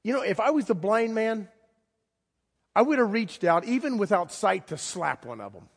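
A man preaching a sermon in a conversational storytelling manner, with dramatic pauses. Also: high-pitched, very animated, slightly rough. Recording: long hall reverb.

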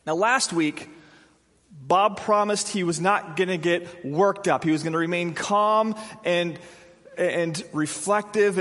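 A man preaching a sermon, telling stories with humor and acting out little asides. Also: high-pitched. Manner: animated storytelling with humor and acted-out asides. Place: church sanctuary. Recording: long reverb of a large hall.

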